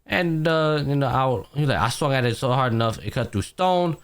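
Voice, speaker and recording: A man's voice: medium pitch, lively intonation, brisk, smooth. A young man co-hosting a podcast, casually recapping an anime and acting out the characters' lines with plenty of slang and swearing. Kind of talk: casual chat.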